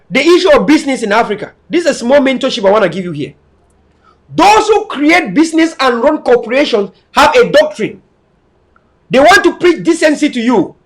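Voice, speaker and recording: High-voiced man lecturing emphatically. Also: fairly bright tone. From Cameroon. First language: not English. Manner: emphatic, repetitive, preaching. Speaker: online commentator. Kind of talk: lecturing monologue to viewers.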